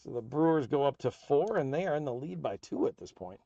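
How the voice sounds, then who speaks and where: A man hosting a live card break, calling out player names and teams as packs are opened in a steady, upbeat patter. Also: fairly high pitch, fairly quick, gravelly, no room sound, dull audio. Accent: American.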